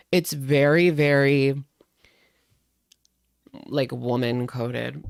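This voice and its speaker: A woman's voice: low voice, unhurried, no room sound, studio quality. A young woman hosting a live stream, chatting casually in a rambling way and greeting viewers by name.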